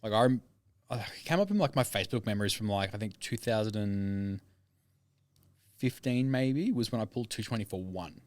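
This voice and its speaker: Man, podcast guest; quick chatty delivery, lowish pitch, dry close mic. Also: expressive, darkish tone, dry recording. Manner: rapid, chatty storytelling with many "like" fillers. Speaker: podcast guest, strength coach. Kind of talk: casual chat.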